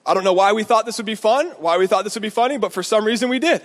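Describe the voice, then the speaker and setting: A man preaching a sermon, telling a story in an animated way and acting out the voices in it. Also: high voice, rapid-fire, in a large hall. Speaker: pastor.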